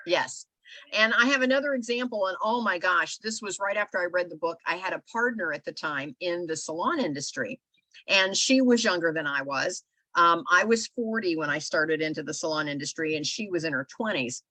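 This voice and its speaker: Animated middle-aged woman telling stories. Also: fairly low pitch, fairly quick, no echo. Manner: animated storyteller, many filler phrases. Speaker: podcast co-host. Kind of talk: casual storytelling chat.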